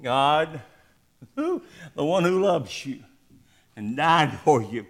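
A male pastor preaching in a church, making an altar call with urgent, repeated questions that swing between hushed and loud. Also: a little high, animated, very slow. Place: church sanctuary.

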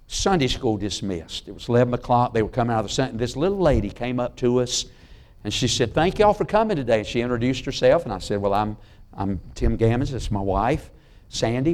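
A middle-aged man preaching a sermon in a church. He tells folksy stories and drops to a hush on key lines. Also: mid-range voice. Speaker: pastor. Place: church sanctuary.

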